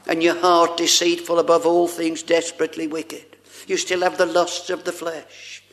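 A man's voice: fairly high pitch, monotone, moderate pace, a bit bright. A man preaching a sermon, addressing the congregation with rhetorical questions and old-fashioned scripture wording.

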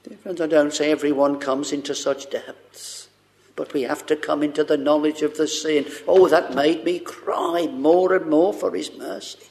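A man delivers a sermon in a slow, unhurried cadence, pausing often and stumbling over fillers. His voice sits a little high and carries a gravelly fry. His phrasing is fervent and earnest. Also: level tone. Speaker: preacher.

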